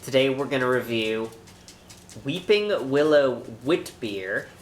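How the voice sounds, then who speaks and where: A man's voice: mid-range voice, expressive, takes it slowly, slight background noise. A man co-hosting a casual beer review show with his wife, talking in a laid-back, easygoing way and laughing often. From North Carolina, USA. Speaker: co-host. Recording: echoey room with faint ambience.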